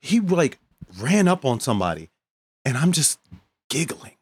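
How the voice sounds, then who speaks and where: A man co-hosting a podcast, telling casual stories, animated and profane, often laughing. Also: a little high, normal speed, breathy edge. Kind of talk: casual storytelling chat.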